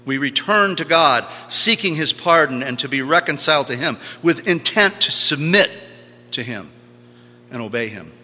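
A male preacher with a very bright, ringing voice pitched a little high, speaking in a big hall where his words hang in a long reverb. He teaches insistently, repeating phrases and pressing his listeners to pay close attention. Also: lively intonation, moderate pace. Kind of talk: sermon.

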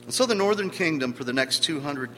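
A man's voice: fairly high pitch, expressive, fast talker, sharp tone. A man preaching a sermon, emphatic, stressing key words by swelling in volume. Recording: long hall reverb with faint hum.

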